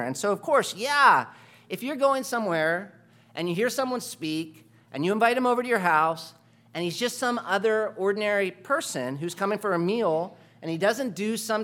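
A man preaching a sermon, emphatic and full of rhetorical questions, moving between quiet asides and loud stresses. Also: sits high.

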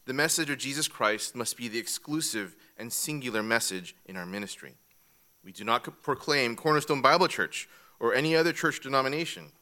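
A man's voice: mid-range voice, expressive, fairly quick, bright, forceful tone. A man teaching a church class from an outline, methodical and repeating each key point. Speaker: Bible teacher.

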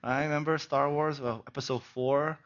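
Man preaching, high bright voice, animated, dull lo-fi recording. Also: normal speed. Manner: animated, rhetorical "right?" asides. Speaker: pastor. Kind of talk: sermon.

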